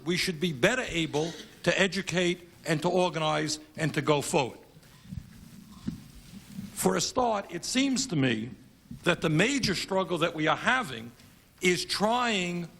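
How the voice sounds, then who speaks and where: A man's voice: sits high, creaky, a bit bright. A congressman giving an emphatic speech at a conference, building his points through repeated phrases.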